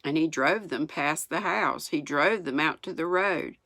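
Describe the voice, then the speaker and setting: A woman in her sixties from the United States, reading a children's book aloud in an unhurried way. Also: sits low, fairly bright tone, no echo. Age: 60s. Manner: unhurried, chuckles at the story. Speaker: storyteller.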